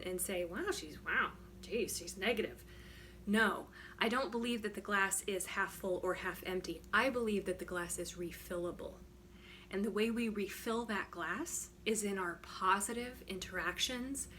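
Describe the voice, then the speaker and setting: Frank woman with a bright voice. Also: medium pitch, a little hiss or hum. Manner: frank, emphatic, peppered with "right?". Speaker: wellness coach. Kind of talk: casual talk to camera. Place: home studio.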